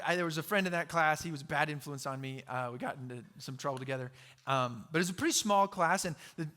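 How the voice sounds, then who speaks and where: A man's voice: on the high side, sharp tone. A man preaching a sermon as pastor, conversational and storytelling, with filler words and asides.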